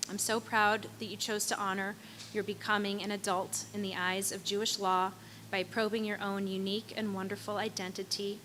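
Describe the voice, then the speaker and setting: A mother reads her prepared blessing aloud with tender, heartfelt warmth. Her voice sits at an ordinary middle pitch. A faint background hum runs under the speech. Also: flat delivery, normal speed, low-quality recording. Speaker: parent giving a blessing. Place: ceremony venue.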